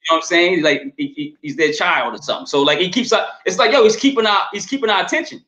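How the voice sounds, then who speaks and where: A man co-hosting a podcast, chatting casually and quickly, often repeating words and asking "you know what I'm saying". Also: high voice, expressive, sharp tone, slight background noise. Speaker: podcast co-host reviewing albums. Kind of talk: casual chat. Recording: echoey room.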